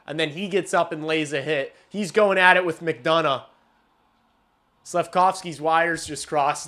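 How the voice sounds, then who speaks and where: A man streaming a hockey game and calling the play-by-play, excitable and swearing casually, shouting on big plays. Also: a little high, unhurried, noisy background. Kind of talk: live watch-along hockey commentary.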